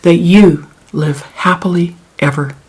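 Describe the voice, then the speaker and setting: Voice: medium pitch, breathy edge, rough recording. A storyteller telling a folk tale to a live audience and then closing the evening as host. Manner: slow, expressive storytelling.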